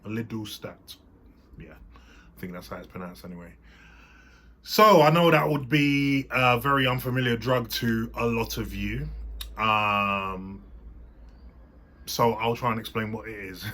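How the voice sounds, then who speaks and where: A man with a fairly low voice and a bright, forceful edge talks casually to his viewers. He explains things in a loose, rambling way, doubling back with restarts and fillers as he goes. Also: unhurried, pauses often. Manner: chatty, meandering, restarts and fillers while explaining. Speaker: host.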